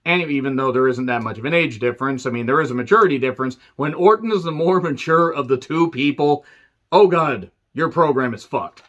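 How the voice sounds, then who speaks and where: A man's voice: medium pitch, a little fast, fairly bright tone. A man in his thirties reviewing a wrestling show in a sarcastic, profane solo rant.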